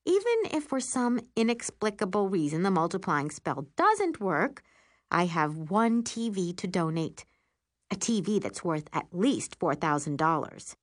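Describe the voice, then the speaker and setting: A woman narrating a first-person children's story in an expressive, animated way. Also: on the low side, moderate pace, dry recording, studio quality. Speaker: audiobook narrator.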